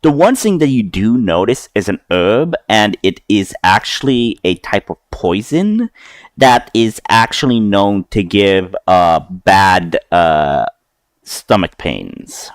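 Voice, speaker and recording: A man narrating as game master of a tabletop game in a slow, halting way, with many fillers. His voice sits low but swings widely in pitch. The recording is dry, with no room echo. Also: big pitch swings.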